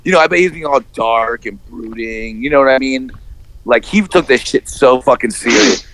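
A man co-hosting a casual movie-review podcast, talking in an animated, profane way and acting out quotes. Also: medium pitch, moderate pace, no echo, poor audio. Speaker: podcast co-host.

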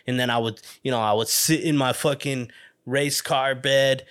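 A man's voice: mid-range voice, steady tone, normal speed, a bit bright, smooth. A man hosting a solo podcast, rambling casually, swearing constantly and laughing often. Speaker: podcast host.

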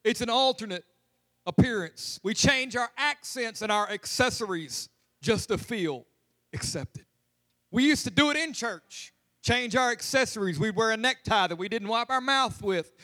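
A man's voice: sits high, expressive, normal speed, pushed and bright. A man preaching a humorous, conversational sermon as pastor in a church. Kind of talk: lively sermon. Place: church sanctuary.

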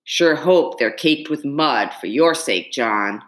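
Menacing, suspicious male villain, voiced by a woman reader, low and lively. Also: slow pace, heavily acted. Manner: suspicious, threatening questioning. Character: menacing middle-aged male slave-catcher, sly. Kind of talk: audiobook character reading.

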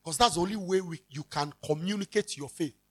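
Briskly and with a breathy edge, a medium-pitched pastor with a Ghanaian accent preaches an animated sermon. He switches between English and Twi, acts out everyday life, and shouts here and there for emphasis.

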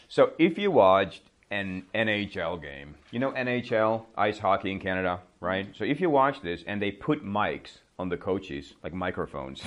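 A man in his thirties with a somewhat low voice runs a relaxed English lesson. He chats his way through everyday phrases, laughs easily, and slips into quick acted-out examples. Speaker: English teacher. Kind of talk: casual spoken English lesson.

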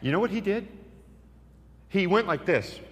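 A male preacher telling a story in a sermon, acting out the dialogue with lively energy. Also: high-pitched, normal speed. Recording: long hall reverb.

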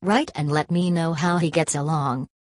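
Brief: woman reading a curt frontier man, gentle with his dog, low and unhurried, dry audiobook sound. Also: fairly even intonation, no room sound. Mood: earnest. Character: gruff middle-aged frontier man, the dog's master. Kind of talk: audiobook reading of a classic novel.

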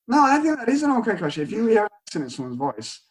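A man's voice: high-pitched, wildly swooping pitch, rapid-fire, slightly rough, rough recording. Rambling northern English man in his twenties. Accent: Northern English, Greater Manchester. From England. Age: 20s. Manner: rambling storyteller, acts out quotes. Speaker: stand-up comedian. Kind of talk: casual chat.

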